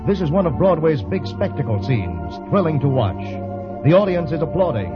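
A man's voice: on the high side, very animated, moderate pace. A man narrating a 1930s radio serial in a dramatic, inviting way. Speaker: announcer and narrator. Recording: dull old radio recording with music.

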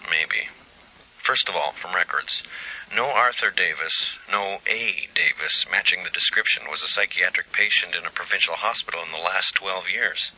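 An actor playing a brisk male hospital colleague on the phone who reports the facts in a matter-of-fact, dry way. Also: deep voice, sharp tone, husky, exaggerated voice. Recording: dull sound with faint ambience.

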